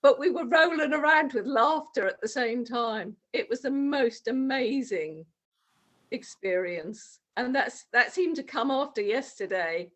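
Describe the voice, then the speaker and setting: A woman's voice: on the high side, expressive, a little slow, fairly bright tone. Woman from the UK sharing a story. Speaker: participant. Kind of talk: sharing a personal story on a video call. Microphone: video call.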